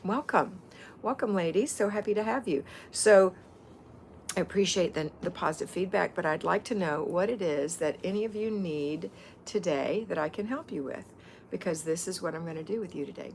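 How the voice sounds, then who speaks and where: A woman's voice: on the low side, a little fast, vocal fry, slight background noise. A middle-aged woman hosting a casual livestream, chatting and greeting viewers by name as a home-organizing mentor.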